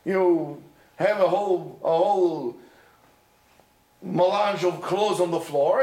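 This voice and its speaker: A man teaching yeshiva students in an informal lecture, animated and chatty, peppering his talk with Hebrew and Yiddish terms and constant "you know" and "right?". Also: high-pitched, normal speed. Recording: echoey room.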